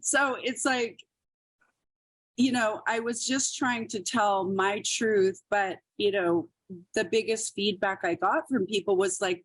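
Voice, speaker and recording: A woman's voice: medium pitch, fairly even intonation, slow pace, breathy edge, no room sound. Chatty woman comedian, dry sound. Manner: chatty, laughs often, acts out quotes. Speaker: podcast guest, comedian. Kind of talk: casual interview storytelling.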